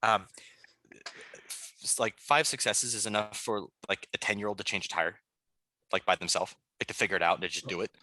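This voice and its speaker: A man with a low, bright voice runs a tabletop game over a video call. He explains the rules patiently, with plenty of ums, and the sound is close and dry. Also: fairly even intonation, fairly quick, long pauses, no room sound. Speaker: game master.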